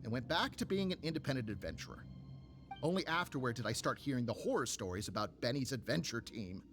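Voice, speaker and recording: Someone voicing a worn-out game adventurer, sighs a lot, dry, pitch swings up and down a lot, faint music under it. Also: lively intonation, quick pace, a bit bright, close to an everyday voice. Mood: weary. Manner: tired, sighing, dry. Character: weary unlucky veteran adventurer. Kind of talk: game voice acting.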